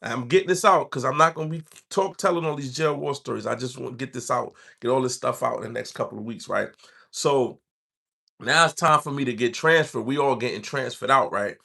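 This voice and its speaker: Bright-voiced New man in his forties. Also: mid-range voice, a little fast, gravelly. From New York. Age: 40s. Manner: street slang, loose and conversational. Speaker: channel host telling his story. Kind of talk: casual storytelling.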